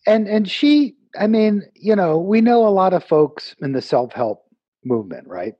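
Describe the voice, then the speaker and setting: Husky-voiced man telling a lively story. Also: high voice, moderate pace, dry recording, muffled recording. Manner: animated, acts out quoted dialogue. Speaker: author and guest. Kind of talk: storytelling in an interview.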